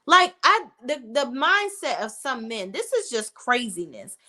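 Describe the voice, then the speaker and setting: Lively, blunt woman recapping a show. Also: high voice, unhurried. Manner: blunt and outspoken, with casual swearing. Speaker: TV recap reviewer. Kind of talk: casual TV recap commentary.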